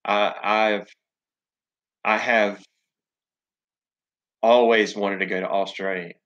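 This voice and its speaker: Southern man, rambling profane stream host, lowish voice, dull lo-fi sound. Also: steady tone, slow, fairly bright tone. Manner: rambling, profane, many ums and restarts. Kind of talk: casual live chat reading comments.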